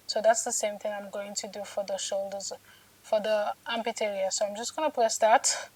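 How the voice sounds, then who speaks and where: A woman's voice: mid-range voice, steady tone, moderate pace, darkish tone, breathy edge, no echo, distant mic, poor audio. A young woman vlogging while she crochets in her home studio, chatty and tired, often saying "like" and "guys". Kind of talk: casual vlog talk while crocheting.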